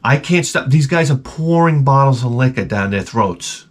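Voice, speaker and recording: A man hosting his vlog, telling a profane comic story in an animated rant full of stammered restarts. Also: mid-range voice, normal speed. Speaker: vlogger host.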